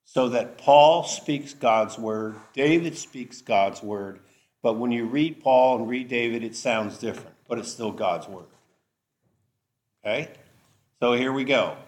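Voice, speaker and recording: A man teaching a Bible study, explaining scripture deliberately and checking in with the class. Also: medium pitch. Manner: slow, deliberate, checks in with "okay?".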